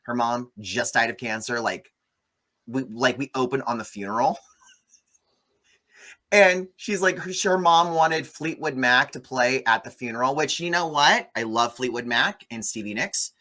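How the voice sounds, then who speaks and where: A man hosting a casual movie review chat, animated and gossipy, often swearing. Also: medium pitch, a little slow. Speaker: host.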